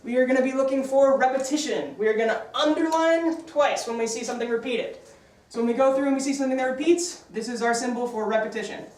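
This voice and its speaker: A woman English teacher leads her class, brisk and upbeat as she fires questions at her students. Her voice sits a little high. She is picked up from across an echoey classroom with a faint hiss underneath. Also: a little mellow, recorded from a distance.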